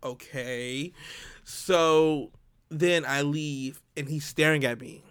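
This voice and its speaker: His voice is a little high, clear and resonant, and he speaks at a slow pace. The man, a podcast co-host, tells a story in casual chat, full of animation, frequent laughter and acted-out quotes.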